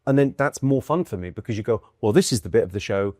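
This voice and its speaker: Animated British man telling stories. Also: fairly low pitch, no room sound, clean studio sound. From United Kingdom. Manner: quick, lively storytelling with acted-out quotes and bursts of laughter. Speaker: guest comedian. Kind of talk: animated conversational storytelling.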